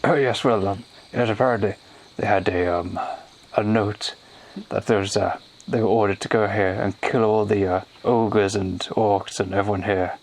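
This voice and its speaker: A man's voice: on the low side, steady tone, normal speed. A young man playing a tabletop game, hesitant and full of fillers. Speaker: player. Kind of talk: casual tabletop play.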